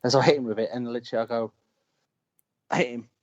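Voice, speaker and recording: British male wrestler, rapid animated storyteller, dull low-fi recording. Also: background noise. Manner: animated, shouts quoted lines mid-story. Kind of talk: casual storytelling chat. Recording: dull lo-fi call audio.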